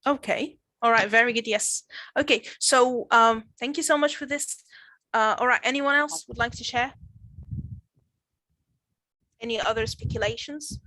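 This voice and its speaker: A woman's voice: fairly high pitch, unhurried, long pauses, bright, forceful tone, no echo. A woman teaching a grammar class over a video call, encouraging and full of "all right"s. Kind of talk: online class, leading a grammar demo.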